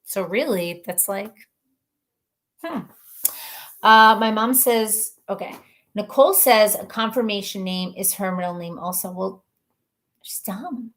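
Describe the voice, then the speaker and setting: A woman hosting a casual live stream, reading viewer comments aloud in a chatty, rambling way, laughing often and thinking out loud. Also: mid-range voice, a little slow, long pauses. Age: adult mother of children.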